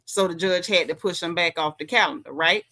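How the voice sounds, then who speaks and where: A woman's voice: lowish voice, fairly quick, bright, forceful tone. A woman from the American South with a Southern accent, chatting emphatically through a casual livestream recap as host. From Southern United States. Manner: chatty, emphatic, colloquial with lots of slang. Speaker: host recapping a reality show.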